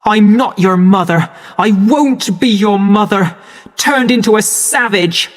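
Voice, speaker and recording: Distraught bitter mother, shrill and tearful, voiced by a male reader, in a reverberant room. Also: slow. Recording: long hall reverb.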